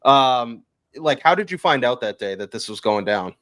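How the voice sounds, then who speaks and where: A man's voice: medium pitch, animated, moderate pace, a bit bright. A man hosting a hockey podcast, asking chatty questions full of fillers. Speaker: podcast host. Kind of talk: casual podcast interview.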